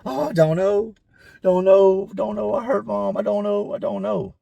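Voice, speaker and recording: A man's voice: high-pitched, steady tone, moderate pace, gravelly, warm tone, dry recording, pitched above the performer's own voice, heavily acted. A man voicing a distraught young male inmate who sobs for his mother in short, repeated, broken phrases. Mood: confused. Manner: repetitive, broken, pleading phrases.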